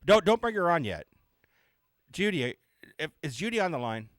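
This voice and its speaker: Lively stammering talk show co-host man. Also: on the high side. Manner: halting, stammering, laughing. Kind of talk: casual radio talk show chat.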